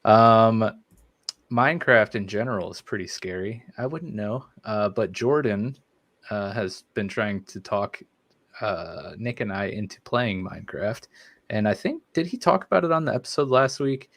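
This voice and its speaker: A man hosting a podcast, reading listener comments in a relaxed way with many fillers. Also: on the low side, unhurried, dry recording. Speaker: podcast host. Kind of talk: casual podcast chat.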